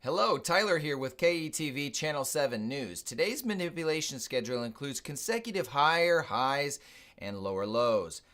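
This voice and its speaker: A man's voice: fairly high pitch, expressive, moderate pace, a bit bright, voice pushed up. A man putting on the voice of an upbeat male local TV newscaster, reading in an announcer style. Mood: announcing.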